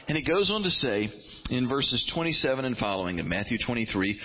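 A man's voice: mid-range voice, very animated, brisk, dull audio. A man preaching a sermon as a pastor, quoting scripture dramatically and building intensity as he talks.

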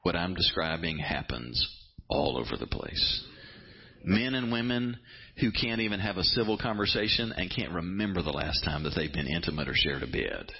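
A man's voice: low-pitched, moderate pace, husky, lo-fi sound. A man preaching a sermon as a pastor, quoting scripture dramatically and building intensity as he talks.

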